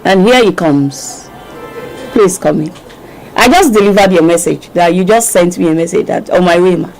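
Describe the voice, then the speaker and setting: Gravelly-voiced Nigerian woman radio host. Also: lowish voice, normal speed, darkish tone, soft background music, low-quality recording. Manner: chatty, laughs often, mixes in Yoruba phrases. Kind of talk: casual radio talk show chat. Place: radio studio.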